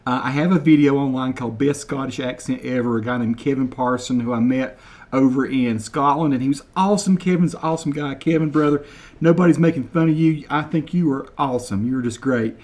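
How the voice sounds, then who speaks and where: A man from the United States hosts a casual comedic video, talking straight to his viewers in a mid-pitched, ordinary voice. He slowly repeats phrases word by word, sometimes spelling words out letter by letter. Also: fairly even intonation, a little mellow. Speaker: video host. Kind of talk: casual comedic talk to camera.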